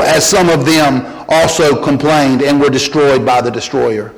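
A male pastor delivering a sermon, earnest, sinking low and quiet to press a point and climbing high when quoting. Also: steady tone, unhurried, hardly any pauses. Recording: long hall reverb.

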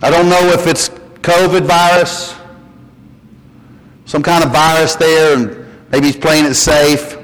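Southern pastor preaching in a reverberant church. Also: male voice, a little high, takes it slowly, pauses often. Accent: Southern US, western North Carolina. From North Carolina mountains. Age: middle-aged. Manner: folksy storytelling, animated when quoting. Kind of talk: sermon with personal story. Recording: long reverb of a church hall.

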